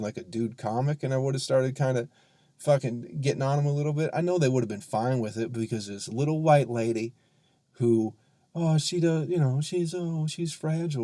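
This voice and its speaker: A man, a comedian hosting his own podcast, ranting heatedly and sarcastically with lots of profanity and drawn-out emphasis. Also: mid-range voice, dark tone, no room sound. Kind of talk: ranting solo podcast monologue.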